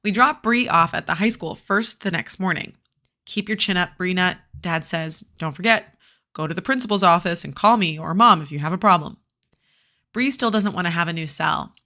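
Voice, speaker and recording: A woman's voice: lowish voice, normal speed, sharp tone. A woman reading a novel aloud to a class, breaking off into casual, chatty commentary full of fillers.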